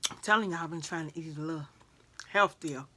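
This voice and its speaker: A woman's voice: deep voice, quick pace, bright, forceful tone, a little hiss or hum. An older woman hosting a casual eating vlog, chatting with viewers between bites and slipping into whispers and coughs. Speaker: mukbang vlogger.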